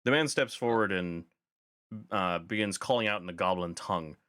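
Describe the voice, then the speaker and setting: A man's voice: deep voice, moderate pace, fairly bright tone, no room sound. Man, game master, tabletop narration, fillers, dry. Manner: descriptive with frequent fillers.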